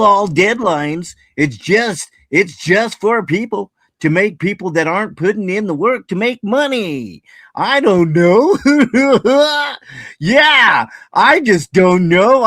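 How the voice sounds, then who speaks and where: A man's voice: high voice, lively intonation, sharp tone, no echo, voice pushed up, heavily acted. A man doing a whiny goofball voice. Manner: whiny, halting, trailing off. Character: dim-witted goofy man ranting.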